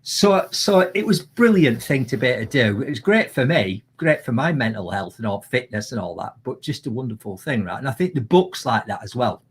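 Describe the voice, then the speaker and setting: Yorkshire bloke on a video call, husky voice, chatty and animated, telling stories nonstop. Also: male voice, medium pitch, brisk, hardly any pauses. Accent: Yorkshire English. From Yorkshire, England. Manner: animated, chatty, lively anecdotes. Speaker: guest, motivational speaker. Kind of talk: casual storytelling in a live video chat.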